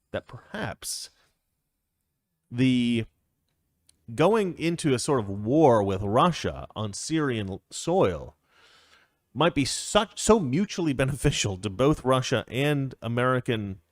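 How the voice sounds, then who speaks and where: A man's voice: medium pitch, very animated, slow pace, dry recording, clean studio sound. A man hosting a casual political commentary show, opinionated and rambling, chuckling often as he talks. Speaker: show host.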